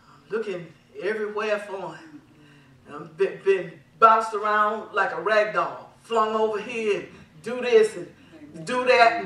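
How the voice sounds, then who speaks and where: Her voice pushed and bright and on the high side, a woman pastor delivers an emphatic sermon, drawing call-and-response from the congregation and laughing between points. The distant mic picks her up in an echoey hall.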